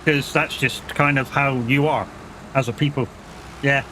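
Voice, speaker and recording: An English live streamer from England chats casually and swears while playing a game and joking with his chat. His mid-range voice is steady, pushed and bright, a little slow, with a slight hiss or hum in the audio.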